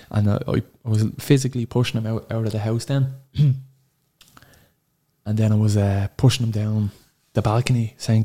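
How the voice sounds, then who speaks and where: A man in his thirties with an Irish accent, a podcast guest telling an emotional personal story, halting and sorrowful, swearing freely. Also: fairly low pitch, fairly even intonation, warm tone. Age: 30s.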